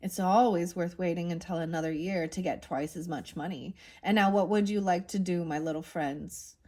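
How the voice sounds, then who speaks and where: A woman's voice: lowish voice, fairly even intonation, normal speed, dark tone, close to an everyday voice. A woman reading aloud as an absent-minded old male professor, cheerful and rambling.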